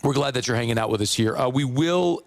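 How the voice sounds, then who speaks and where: A hoarse man hosting sports radio, playful and rambling. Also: medium pitch, fast. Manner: playful, rambling, riffs on pronunciation. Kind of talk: casual radio talk with live ad read.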